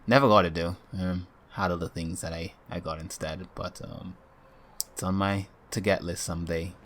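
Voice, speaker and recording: A young man with a somewhat low voice co-hosting a casual podcast. He talks in a laid-back, rambling way. He laughs often between thoughts. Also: fairly even intonation, normal speed, fairly bright tone, slight background noise. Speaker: podcast co-host.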